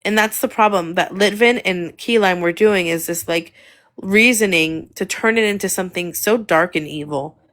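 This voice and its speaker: Woman, livestream guest, lowish voice, earnest, explains herself with restarts. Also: moderate pace, a bit bright. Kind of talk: defensive debate on a livestream.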